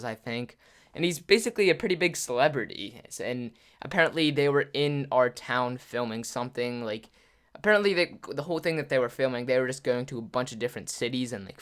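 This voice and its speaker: A man, a gaming YouTuber, casually telling a story to his viewers, rambling and filling every pause with "like". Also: medium pitch, a bit bright, clean tone. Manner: rambling, filler-heavy, says "like" constantly; acts out quoted voices of others.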